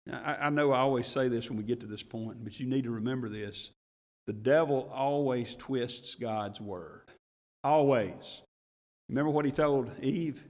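A man's voice: mid-range voice, moderate pace, a little mellow. Emphatic man preaching in a hall. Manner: folksy preaching with rising emphatic bursts. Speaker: pastor. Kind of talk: sermon.

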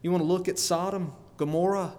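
A man's voice: high voice, steady tone, fairly quick, dark tone, in a large hall. A man preaching a sermon in an earnest way, often repeating words and putting questions to his listeners.

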